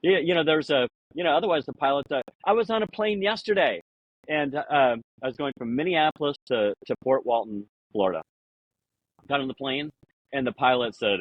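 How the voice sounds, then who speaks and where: A podcast guest tells casual, conversational stories in a husky, slightly breathy voice, rambling through anecdotes, saying "you know" a lot, and shifting into higher voices for quoted lines. He's expressive and a little fast, and the dry, slightly dull sound with no echo suggests a basic podcast mic.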